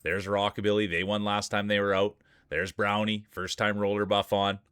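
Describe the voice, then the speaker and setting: Jokey low-voiced stream announcer man. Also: little pitch movement, normal speed, fairly bright tone, clean tone, no room sound, studio quality. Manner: playful, jokey announcer patter. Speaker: streamer hosting marble races. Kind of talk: live stream commentary.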